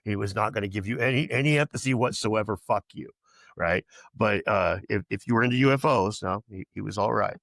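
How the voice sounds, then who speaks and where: A man's voice: lowish voice, fairly quick, gravelly, a bit bright, no echo. A man speaking as a podcast guest in casual chat, rambling and profane, with many restarts and quoted voices for other people.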